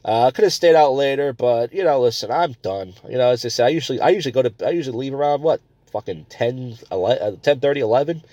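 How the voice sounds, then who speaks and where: A man's voice: mid-range voice, expressive, fast, hardly any pauses, mellow, no room sound, highs cut off. Profane rambling male podcast host. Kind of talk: crude comedy podcast monologue.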